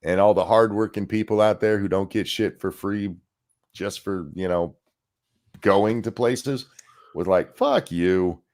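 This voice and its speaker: Low-voiced man ranting crudely. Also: steady tone, unhurried, darkish tone. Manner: crude, mocking, profane ranting. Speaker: podcast co-host. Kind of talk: casual podcast chat.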